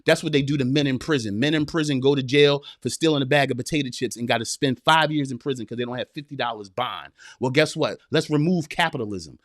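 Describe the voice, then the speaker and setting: A men's coach in his forties, appearing as a podcast guest, gives an impassioned motivational speech that is preachy and emphatic, full of repeated phrases and street slang. His medium-pitched voice is fairly bright and fast with few pauses, recorded at studio quality with no room sound.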